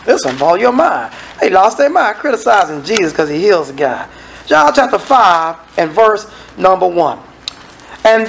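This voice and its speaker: A man delivers a sermon in a relaxed, colloquial way. He reads scripture, then breaks into casual asides to the congregation. He slips into the voices of the people he describes. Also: high-pitched, moderate pace, creaky, poor audio. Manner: conversational, acts out the people in the scripture. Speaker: preacher.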